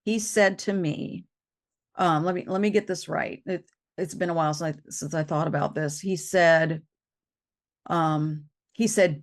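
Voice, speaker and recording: A woman talking about losing loved ones, halting and repeating herself as she tells it. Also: fairly low pitch. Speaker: co-host. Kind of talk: emotional personal conversation.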